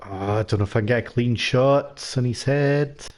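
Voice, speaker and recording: A man's voice: medium pitch, moderate pace, darkish tone. Wry man commentating on gameplay. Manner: wry, joking asides. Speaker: gameplay streamer.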